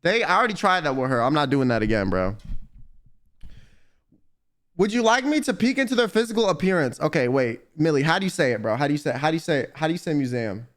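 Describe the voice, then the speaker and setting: A man's voice: a little high, sing-song, fast talker, a bit bright. Slangy young man streaming. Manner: reads aloud then riffs, slangy and teasing. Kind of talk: casual livestream chat.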